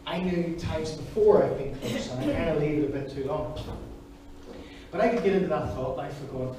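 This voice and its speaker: A man's voice: fairly high pitch, normal speed. A man preaching a sermon, earnest and personal, speaking straight to the congregation. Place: church hall. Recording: echoey hall, distant mic, noisy.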